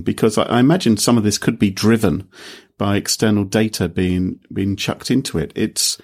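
Man, low voice, lively, jokey podcast co-host. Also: fairly quick. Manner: jokey, playful asides. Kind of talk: casual tech podcast chat.

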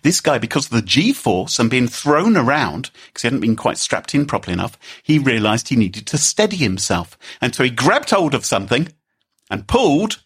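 A man co-hosts a podcast in casual chat. He tells his story in a chatty way and laughs often. His pitch rises and falls a lot, and his voice has a slightly husky edge. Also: sing-song, moderate pace, a bit bright. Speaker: podcast co-host.

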